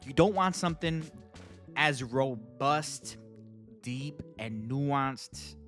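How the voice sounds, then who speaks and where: Man, casual vlog review, mid-pitched voice, hyped and slangy, faint background music. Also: fairly bright tone. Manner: enthusiastic, slangy, keeps addressing viewers as guys. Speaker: fragrance reviewer and channel host. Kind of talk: casual product review to camera.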